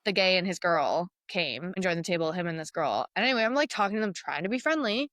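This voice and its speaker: Fast-talking woman in her thirties. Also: lowish voice, dry recording. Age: 30s. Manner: fast, animated storytelling with acted-out quotes. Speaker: podcast co-host. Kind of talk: casual chat.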